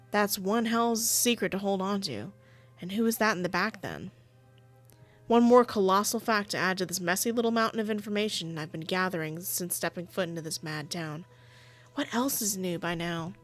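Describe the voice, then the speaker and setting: A woman at mid pitch reading visual novel narration and chatting between lines, playful and giggly. Faint music runs under her voice. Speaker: streamer playing a visual novel. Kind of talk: reading game narration with live commentary.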